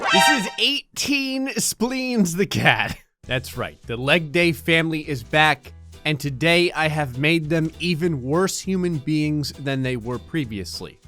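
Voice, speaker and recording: A man's voice: fairly high pitch, a bit bright. A man giving gleeful, sarcastic let's play commentary, laughing often. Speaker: gaming commentator.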